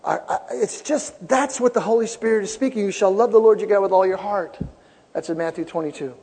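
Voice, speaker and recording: Middle-aged male pastor, husky high voice, impassioned sermon, long hall echo. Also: fairly quick. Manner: animated preaching, shouting peaks, repeated phrases. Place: large church sanctuary.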